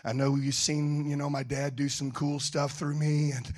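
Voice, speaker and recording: A preacher playing a quiet, calm Jesus. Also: male voice, fairly high pitch, moderate pace, natural voice. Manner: quiet, soft and relaxed. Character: calm adult male Jesus speaking to friends.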